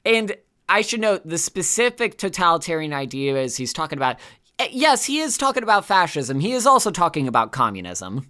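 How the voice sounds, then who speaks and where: Low, animated woman podcast host. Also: fairly quick. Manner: chatty, lots of "like", animated. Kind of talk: casual podcast chat.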